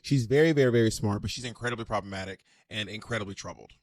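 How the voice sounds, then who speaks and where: A man co-hosting a casual chat show, telling gossipy stories in an animated way. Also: on the low side, rapid-fire, no echo. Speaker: podcast co-host.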